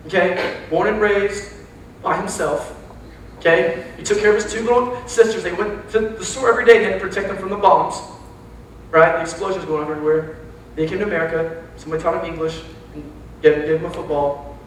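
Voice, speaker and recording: A young man with a Texan accent preaching a casual, joking sermon to young adults, telling animated stories with slang. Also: sits high. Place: large church hall. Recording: very echoey hall, distant mic, faint hiss.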